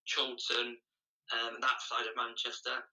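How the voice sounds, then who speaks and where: A man's voice: mid-range voice, completely flat delivery, measured pace, distant mic, background noise. A man chatting as a podcast guest, telling running stories with frequent restarts. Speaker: podcast guest, charity runner. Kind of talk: casual interview chat.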